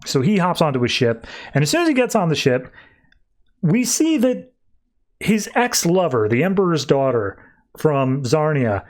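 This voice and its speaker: Chatty man recapping comics, slightly high voice. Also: very animated, moderate pace. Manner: chatty, heavy use of "like" when retelling. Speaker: podcast co-host.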